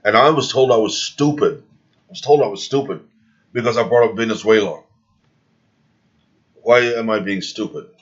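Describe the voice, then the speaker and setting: A man's voice: fairly low pitch, moderate pace, pauses often. A man speaking in a heated opinion monologue, rambling and restarting his words, recorded with dull, lo-fi sound. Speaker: video commentator.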